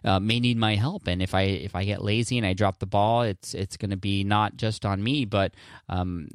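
Earnest low-voiced man hosting a podcast. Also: fairly even intonation, moderate pace, smooth, no room sound, clean studio sound. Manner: earnest, rambling, frequent restarts and fillers. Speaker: podcast host answering listener questions. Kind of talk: casual solo podcast talk.

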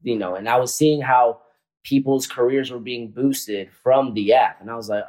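A man's voice: mid-range voice, moderate pace, poor audio. Chill guy in his 20s, casual slangy talk, lots of "like" and "man". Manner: relaxed, slangy, lots of fillers. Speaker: guest, comedian and dancer. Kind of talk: casual chat.

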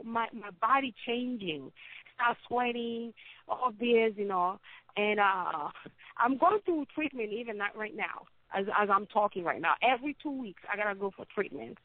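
A woman telling her own story as an interview guest, halting and often repeating words as she speaks. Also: medium pitch, no echo. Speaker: interview guest, cancer survivor. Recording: tinny phone-like line, dry.

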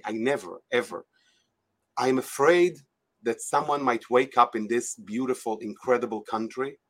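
A man's voice: mid-range voice, fairly bright tone. A man speaking as a guest in an interview, emotional and pleading, often restarting his sentences. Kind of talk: impassioned interview talk.

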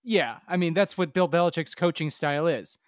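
A man's voice: fairly high pitch, fairly quick, clean tone, dry recording, studio quality. A man co-hosting a casual sports podcast, emphatic and mocking, swearing freely. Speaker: podcast co-host.

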